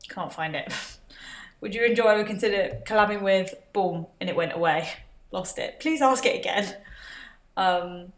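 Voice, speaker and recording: A woman's voice: medium pitch, moderate pace. Chatty woman reading comments. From Britain. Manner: chatty, laughs often, reads out viewer comments. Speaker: livestream host. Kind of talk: casual livestream chat. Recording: roomy echo.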